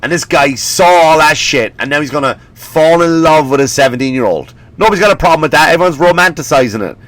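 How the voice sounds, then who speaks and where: A man's voice: a little high, fast talker, dry recording. A man in his forties hosting a comedy podcast, ranting with swearing and mocking impressions, a bit sniffly. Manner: animated, profane, mocking impressions. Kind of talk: comedic rant.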